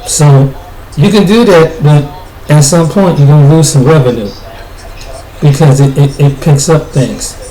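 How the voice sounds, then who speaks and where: A man's voice: a little high, unhurried, mellow. Blunt man ranting in an echoey room. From United States. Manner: blunt, repetitive, with frequent restarts. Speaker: video commentator. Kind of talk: casual spoken commentary. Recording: echoey room with faint noise.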